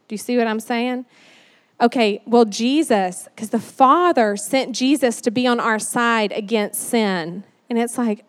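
A woman's voice: fairly high pitch, a little slow. Chatty woman preaching in a reverberant hall. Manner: chatty and animated, many "like"s and "you know"s. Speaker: church speaker. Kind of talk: conversational sermon.

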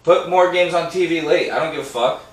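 A man's voice: on the high side, fairly quick, far from the mic. A young adult man co-hosting a podcast, trading profane, teasing banter in casual chat. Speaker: podcast co-host. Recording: echoey room, away from the mic.

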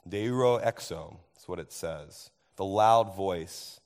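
A man preaching a sermon as pastor, his voice hoarse from overuse, animated and asking the congregation questions. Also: fairly low pitch, measured pace, few pauses. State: hoarse, tired voice.

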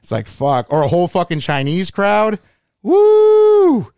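Dude telling a raunchy story on a podcast, swears a ton, dead dry mic. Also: male voice, a little high, brisk, creaky, dry recording. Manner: profane, animated storyteller. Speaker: comedian podcast host. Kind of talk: casual storytelling chat.

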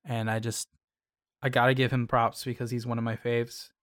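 Chatty podcast host, dry close sound. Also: male voice, mid-range voice, moderate pace, no room sound. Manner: animated, playful, lots of filler "like". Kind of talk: casual chat.

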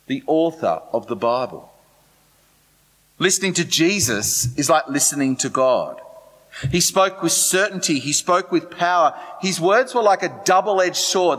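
Aussie pastor preaching, chatty, keeps asking the room questions, slightly high voice, big echoey church. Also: male voice, fairly bright tone. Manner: conversational, asks the congregation questions. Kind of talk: sermon.

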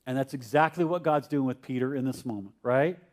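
A man's voice: medium pitch, fairly quick, darkish tone. A male pastor giving a conversational sermon and asking his congregation questions. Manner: acts out Peter's confused voice.

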